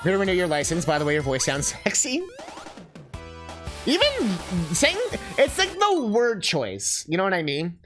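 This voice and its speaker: A man's voice: high-pitched, huge pitch swings, moderate pace. A male livestreamer chatting casually while playing a game, rambling with lots of fillers and swearing freely. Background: game music.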